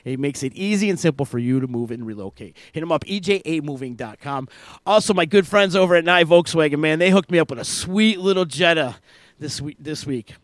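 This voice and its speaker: A man hosting a radio show in an energetic, joking, casual way. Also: fairly high pitch, a little fast, dry recording. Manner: energetic, hype, loose and joking.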